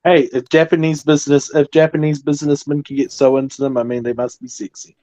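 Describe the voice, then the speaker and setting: Deadpan male joker, mellow dark tone, very dry close sound. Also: fairly high pitch, quick pace, no echo, highs cut off. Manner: deadpan teasing jokes.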